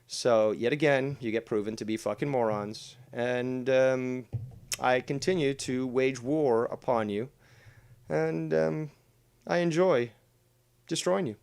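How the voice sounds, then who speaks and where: A man's voice: medium pitch, slow, vocal fry, a little mellow, clean tone. Mocking, profane male commentary host. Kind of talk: commentary on played clips.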